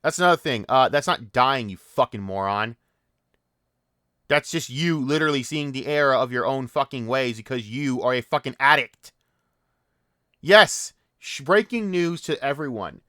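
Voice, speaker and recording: A man's voice: medium pitch, normal speed, bright, forceful tone, clean tone, no echo, studio quality. A man hosting a commentary channel, ranting in a profane, mocking and exasperated way.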